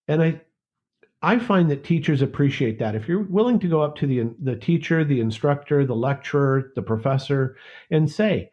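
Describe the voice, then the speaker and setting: A man's voice: a little high, expressive, moderate pace, dark tone, muffled recording. A man, a university lecturer, speaks as a guest in a conversational podcast interview, thoughtful and often restarting words.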